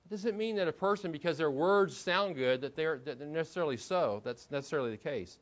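Brief: male preacher, fairly high voice, chatty sermon full of rhetorical questions, dull lo-fi recording. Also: fast. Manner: conversational, asks rhetorical questions, repeats words while thinking. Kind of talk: expository sermon.

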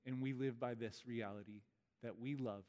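A man's voice: mid-range voice, steady tone, moderate pace, highs cut off. Man leading a baptism liturgy. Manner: warm, informal asides between formal liturgy. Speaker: pastor. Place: church sanctuary. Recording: reverberant church hall.

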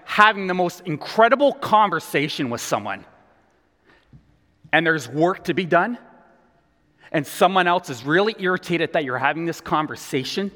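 A man preaching a sermon in an animated, conversational storytelling way. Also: fairly high pitch, long reverb tail. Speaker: pastor.

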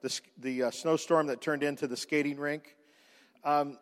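A man pastor telling a personal story in a sermon, animated, with frequent restarts and repeated words. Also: a little high, moderate pace, in a large hall.

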